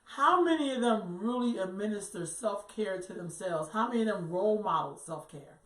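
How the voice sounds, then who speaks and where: A woman's voice: mid-range voice, animated, moderate pace. Earthy, storytelling woman in an echoey room. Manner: storytelling, earthy, emphatic, swears casually. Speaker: co-host. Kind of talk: casual talk show chat. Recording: roomy echo, far from the mic.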